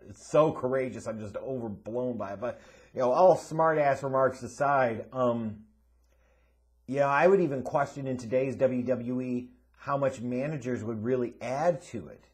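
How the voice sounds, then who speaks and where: Speaking at a moderate pace in a mid-range voice, this man runs a casual Q&A rant, reading viewer questions aloud. His answers are blunt, sarcastic and heavily laced with swearing.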